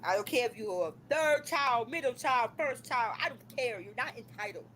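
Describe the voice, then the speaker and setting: A woman's voice: on the high side, expressive, normal speed, fairly bright tone, slight background noise, poor audio. A woman hosting a live stream from home, scolding and ranting in an exasperated, repetitive way. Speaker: livestream host. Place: home room.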